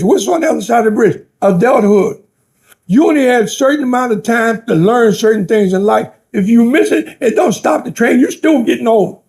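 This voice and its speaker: A man's voice: extremely high pitch, lively intonation, fairly quick, darkish tone, husky. An older man from the United States, giving an interview and telling stories with passion, preaching and acting out the voices he quotes. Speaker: interview guest. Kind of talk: impassioned storytelling talk.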